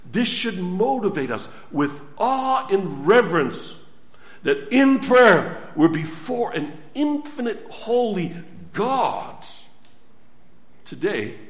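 Male preacher, high voice, slow deliberate delivery, emphatic swells and hushed drops, reverberant room. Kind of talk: sermon. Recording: echoey room.

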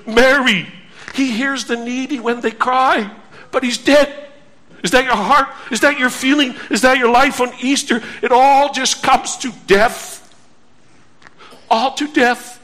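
A man preaching a sermon, slow and earnest, repeating phrases and asking the listeners rhetorical questions. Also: very high-pitched, pushed and bright.

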